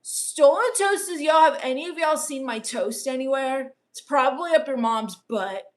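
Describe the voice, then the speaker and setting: Her voice sits high and her pace is moderate while she hosts a comedy livestream and reads out the chat. She drawls like a gothic valley girl, gloomy and deadpan, with a dismissive, misanthropic attitude.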